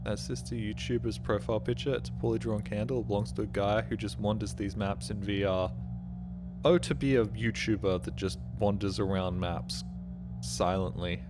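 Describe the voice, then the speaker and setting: A man streaming a game, chatting casually in a rambling, sweary, self-mocking way. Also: fairly low pitch. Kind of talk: casual live-stream chat. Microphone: streaming microphone.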